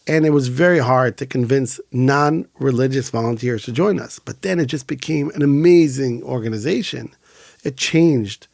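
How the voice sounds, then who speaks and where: A man's voice: mid-range voice, fairly quick, creaky, no echo, clean studio sound. A middle-aged man from Israel, an organization founder, telling stories in a casual interview and acting out the voices he quotes. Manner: animated storyteller, acts out quoted voices. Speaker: founder of an emergency volunteer organization.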